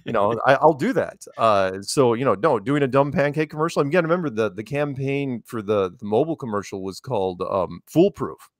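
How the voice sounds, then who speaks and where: A man's voice: mid-range voice, expressive, brisk, few pauses, no echo. Man, casual interview, chatty storyteller, laughing asides, dry sound. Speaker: interviewed guest.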